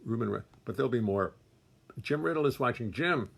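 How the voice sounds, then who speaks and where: A man's voice: medium pitch, animated, brisk, gravelly. An older man hosting a casual livestream from his music studio, reading out viewers' names and greeting them with wry jokes. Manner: chatty, warm greetings, wry self-deprecating jokes.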